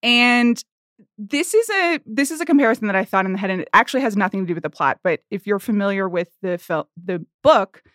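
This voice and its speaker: A woman co-hosting a casual film podcast, talking in a chatty, halting way with many restarts. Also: mid-range voice, expressive, fairly bright tone, no room sound, clean studio sound. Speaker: podcast co-host. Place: at a film festival.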